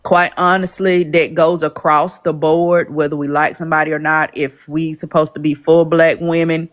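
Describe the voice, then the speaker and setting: A woman with a low voice hosting a live-stream panel discussion. She speaks in a calm, measured way and often pauses to gather her thoughts.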